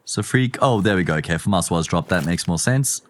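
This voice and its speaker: A male esports caster with a South African accent, doing lively play-by-play with chatty banter. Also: deep voice, a little fast. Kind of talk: play-by-play commentary.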